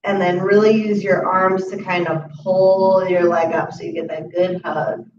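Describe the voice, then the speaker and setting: A woman teaching a chair yoga class, calmly cueing each breath and movement. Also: fairly low pitch, a little slow. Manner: calm instructive cueing of breaths and moves. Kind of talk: guided exercise class. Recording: roomy, distant, muffled audio with faint hiss.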